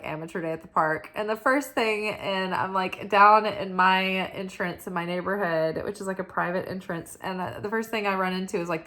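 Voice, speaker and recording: Tired woman oracle host, medium pitch, talks casually and laughs at herself. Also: fairly bright tone. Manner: chatty and self-mocking, lots of "like". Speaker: spiritual oracle reader. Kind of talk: casual chat.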